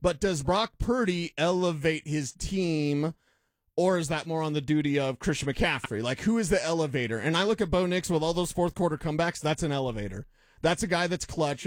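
A man's voice: a little high, no echo. A man co-hosting a sports talk show, giving emphatic, opinionated takes in casual debate. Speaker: sports analyst co-host.

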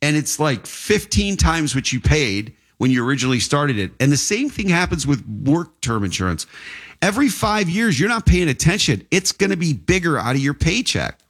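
A man's voice: on the high side, big pitch swings, normal speed, fairly bright tone. A man, an insurance agent, chatting casually in an interview and telling rambling stories with frequent restarts.

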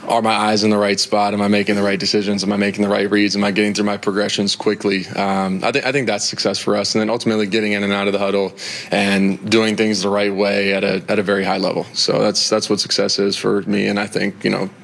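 Man in his 20s, quarterback presser clip, gravelly, quick, earnest, flat delivery. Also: fairly low pitch. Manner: earnest, hedging with fillers, rhetorical questions. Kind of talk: press conference answers.

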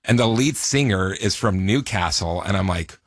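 An American man co-hosting a radio show, telling stories in a relaxed, enthusiastic way. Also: deep voice, normal speed, slightly rough, no echo, studio quality. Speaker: radio co-host. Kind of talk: casual chat.

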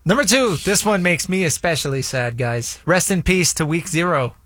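A man on a sports talk show, reading headlines in a casual way. His voice sits a little high. The recording is close and dry. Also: animated, moderate pace, fairly bright tone, no room sound.

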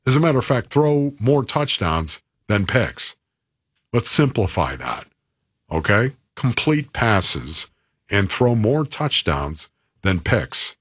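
A man co-hosting a casual sports talk show, animated and coach-like, laying out his points. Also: fairly low pitch, takes it slowly, husky, no echo, studio quality. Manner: animated, coach-like, mimics voices. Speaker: co-host.

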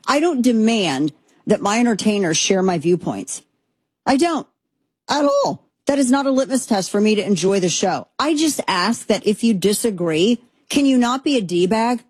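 A woman in her thirties or forties hosting a commentary show, talking in an animated, sarcastic and rambling way with many restarts. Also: lowish voice, breathy edge, dry recording. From Texas, USA. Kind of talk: opinionated monologue commentary.

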